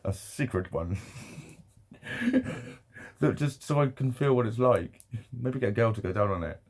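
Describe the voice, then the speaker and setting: A man's voice: mid-range voice, animated, normal speed. A man rambling emotionally in a personal vlog, laughing often and swearing a lot. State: emotional, near tears. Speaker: vlogger.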